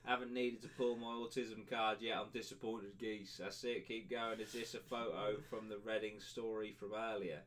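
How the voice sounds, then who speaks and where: A man's voice: lowish voice, little pitch movement, moderate pace, hardly any pauses, fairly bright tone, a little hiss or hum. A young man hosting a podcast, reading out chat comments in crude, jokey banter with lots of laughing. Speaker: podcast host.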